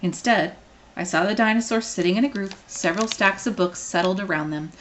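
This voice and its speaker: A woman reading a children's novel aloud, expressive and playful. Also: mid-range voice, brisk, slight background noise. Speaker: reader.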